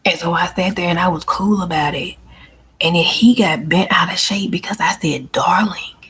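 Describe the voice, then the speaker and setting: A woman's voice: fairly low pitch, normal speed, fairly bright tone, breathy edge. A woman hosting her own channel, venting bluntly and emphatically in a casual monologue, often swearing and repeating herself. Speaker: channel host and life coach.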